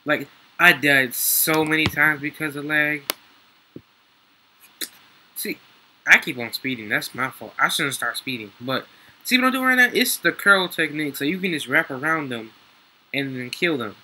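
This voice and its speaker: Excitable young man, very bright voice. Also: a little high, moderate pace, rough recording. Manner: excitable, swears freely, slangy. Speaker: gaming YouTuber. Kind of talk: casual gameplay commentary.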